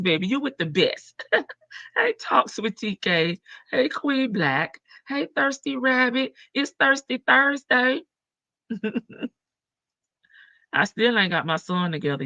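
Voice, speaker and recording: A woman hosts a casual livestream, reading viewer comments, using slang, and greeting people by name. Her mid-range voice sounds pushed and bright, and the recording is dry.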